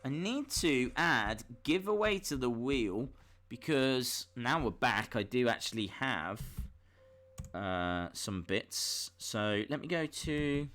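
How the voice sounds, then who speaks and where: A man hosting a live stream, giving chatty reaction commentary with bursts of excitement and muttering to himself between remarks. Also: medium pitch, slow pace. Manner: mutters to himself while fiddling.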